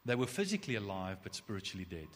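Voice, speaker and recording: A man preaching a conversational sermon, animated, with restarts and asides. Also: fairly low pitch, rapid-fire. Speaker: pastor. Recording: long hall reverb.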